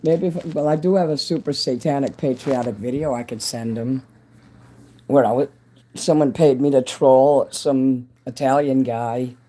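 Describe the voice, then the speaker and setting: A man's voice: medium pitch, normal speed, warm tone. A man, a self-styled entertainer, rambling casually on a livestream, greeting viewers by name and chatting about whatever comes to mind.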